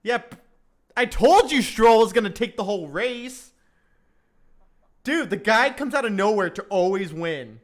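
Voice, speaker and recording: A man's voice: high-pitched, animated, measured pace, long pauses. A man hosting a casual live stream, chatting and joking as he follows a practice session, often laughing at his own slips. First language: English.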